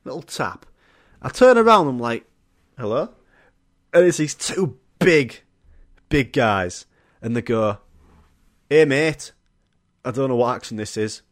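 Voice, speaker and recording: Young Yorkshire man, solo podcast host, mid-pitched, dry close sound, chatty storyteller who laughs a lot. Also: animated, normal speed, no echo. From Yorkshire, England. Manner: laughs often, swears, acts out quotes.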